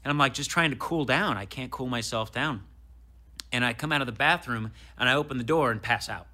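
Speaking briskly in a mid-range voice, a guest comedian in his thirties relates a story in casual chat. He's lively and profane as he reenacts what others told him.

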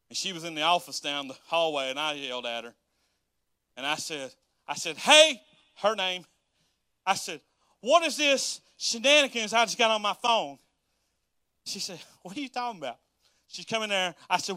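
A male pastor preaching a sermon, animated and joking as he tells stories and questions his congregation. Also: on the high side, dry recording, studio quality. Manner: animated, joking storyteller who addresses the congregation.

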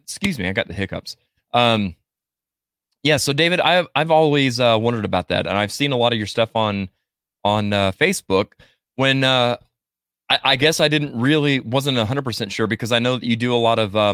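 A man hosting a live podcast in a casual, halting way, reading out listener comments and answering them. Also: medium pitch, fairly bright tone, no room sound, studio quality. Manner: halting, many fillers and restarts. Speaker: podcast host. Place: Missouri area studio.

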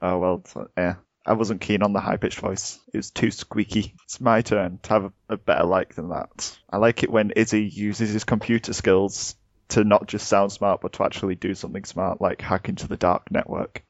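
A man's voice: sits low, fairly even intonation, normal speed, no room sound, dull audio. A man co-hosting a podcast, chatting in an easygoing, enthusiastic way. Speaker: podcast co-host. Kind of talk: casual podcast chat.

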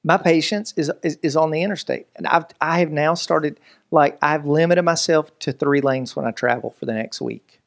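A man, preaching a lively, joking sermon as pastor. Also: fairly high pitch, moderate pace. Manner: animated, joking, preacherly delivery with voices and asides.

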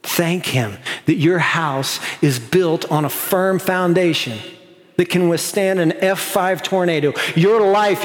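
A pastor giving a sermon, earnest and conversational, slowing down to stress key lines. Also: male voice, high-pitched. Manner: earnest, conversational preaching with slow emphatic stretches. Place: church sanctuary. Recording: long hall reverb.

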